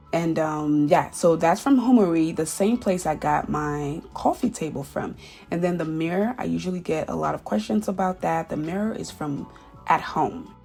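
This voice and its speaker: Woman talking through her home decor, kinda low and gravelly, soft music under it. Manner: chatty, repeats words for emphasis. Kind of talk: casual voice-over vlog.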